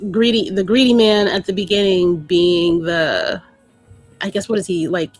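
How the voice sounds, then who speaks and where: A woman's voice: lowish voice, fairly even intonation, moderate pace, soft background music. A woman co-hosting a casual comic review podcast, playful and giggly as she gives her critiques. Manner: playful, giggly, food metaphors. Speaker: podcast co-host.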